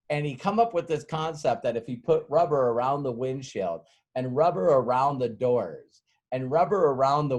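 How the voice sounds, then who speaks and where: A man's voice: mid-range voice, a little mellow. A middle-aged man leading a sales training session in a loose, folksy way. He rambles through a long story and acts out the dialogue as he goes, laughing often along the way.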